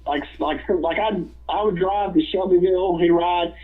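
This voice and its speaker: A man's voice: high-pitched, steady tone, normal speed. A man, a former wrestler and guest, telling rambling stories and laughing often, over a phone line. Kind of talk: casual storytelling.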